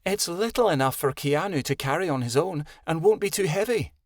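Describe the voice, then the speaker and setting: A man's voice: fairly high pitch, animated, a little fast, no room sound, studio quality, voice pushed up. Man voicing Kenai, earnest young she-wolf. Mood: gentle. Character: young female wolf, anxious, earnest leader.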